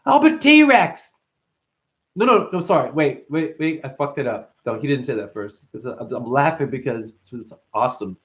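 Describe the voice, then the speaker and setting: In a meandering spoken monologue, a man in the role of a spiritual teacher swears freely, keeps things playful and enjoys acting out others' voices. He speaks at a medium pitch, briskly, with few pauses.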